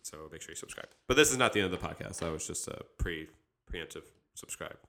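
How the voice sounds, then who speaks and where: Fast-talking low-voiced man, bright and joking. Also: lively intonation, gravelly, slight background noise. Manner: joking, rambling, quick to riff. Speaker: podcast co-host, barista. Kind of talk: casual chat. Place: outdoors by a parking lot.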